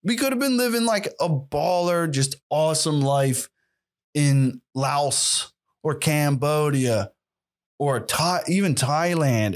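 A man hosting a solo podcast who rants in a rambling, profane and sarcastic way. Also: on the high side. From United States. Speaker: podcast host. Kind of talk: casual solo rant.

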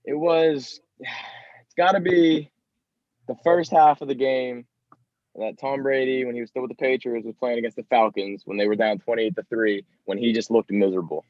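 A man's voice: medium pitch, steady tone, moderate pace, dry recording. Sick guy podcasting w a stuffy voice, jokey, muffled dry mic. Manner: jokey, wry. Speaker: podcast co-host. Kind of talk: casual chat.

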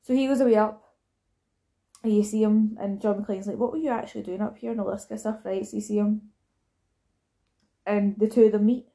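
A woman's voice: mid-range voice, fairly even intonation, normal speed, pauses often, warm tone. A young Scottish woman chatting casually about a film, acting out the characters' lines as she retells scenes.

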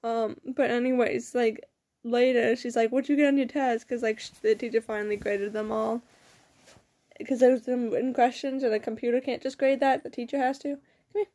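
A woman's voice: a little high, fairly even intonation, brisk, dark tone. A teenage girl chatting casually to camera, rambling and swearing, with giggles and a numb mouth from dental work. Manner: rambling, profane, giggly storytelling. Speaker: vlogger. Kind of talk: casual chat.

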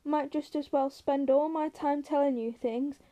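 A woman voicing a small irritable man, sharp and scolding, high pitch, mellow tone. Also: fairly even intonation, a little slow, muffled recording. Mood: exasperated. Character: small wiry irritable man, quick and bossy.

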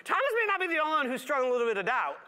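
A male pastor delivering a sermon in a high, bright voice. He swings between lively acted-out voices and hushed, reflective moments. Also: rapid-fire. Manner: animated, acts out voices of characters with big pitch swings; drops to a soft, low reflective tone at times.

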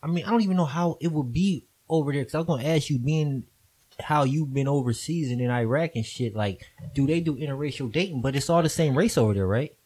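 A man's voice: fairly high pitch, quick pace, darkish tone. A man who asks probing questions in a curious, profane way in casual chat.

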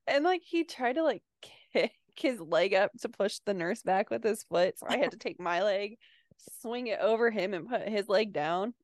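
A woman co-hosts a casual podcast, spinning stories and laughing as she goes. Her voice sits at an everyday pitch and sounds dry and close, with no room around it. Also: expressive, moderate pace, dry recording. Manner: chatty storyteller, laughing often. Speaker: podcast co-host. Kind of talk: casual chat.

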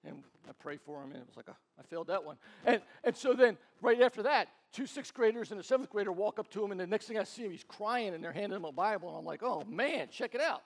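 A man's voice: high-pitched, animated, fast, hardly any pauses. A man preaching as a pastor in a casual, chatty way, telling stories and acting out quoted voices, often repeating words as he goes. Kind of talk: casual sermon storytelling.

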